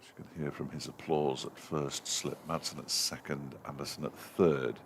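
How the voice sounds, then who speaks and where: A man's voice: a bass voice, steady tone, moderate pace, gravelly, a little hiss or hum. A man giving live ball-by-ball cricket commentary from a commentary box, lifting his voice to call the runs.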